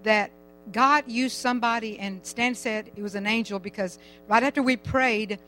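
A woman's voice: on the high side, fairly even intonation, normal speed, pushed and bright, low-quality recording. An older woman giving a rambling, chatty personal testimony in church, laughing now and then as she talks.

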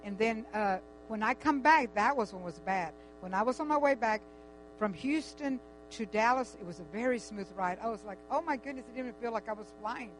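An older woman tells a long personal story in a casual, animated way, full of restarts and quoted dialogue. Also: on the high side, a little fast, low-quality recording. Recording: faint music and mains hum.

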